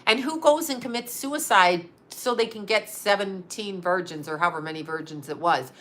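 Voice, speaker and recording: A woman's voice: medium pitch, moderate pace, a bit bright. A middle-aged woman host in a candid casual chat, frank and bawdy, laughing often as she tells stories. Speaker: psychic medium and channel host.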